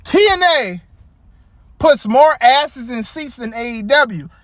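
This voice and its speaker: A man with a high-pitched voice rants about a wrestling show in a loose, rambling way, cursing freely and getting animated. The recording is dry and close, with no room sound. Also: slow, no echo. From Detroit area. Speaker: wrestling commentator. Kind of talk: casual rant.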